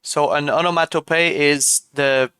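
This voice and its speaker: A man's voice: on the high side, fairly even intonation, moderate pace, pushed and bright, smooth. A young man with a Quebec French accent, a native French speaker, chatting casually while streaming a game. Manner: chatty, laughs often, shifts into playful French voices.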